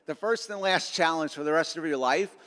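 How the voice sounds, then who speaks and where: A middle-aged man giving an energetic, self-mocking motivational talk to students at a school assembly. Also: a little high, fairly quick. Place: large school auditorium. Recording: long auditorium reverb.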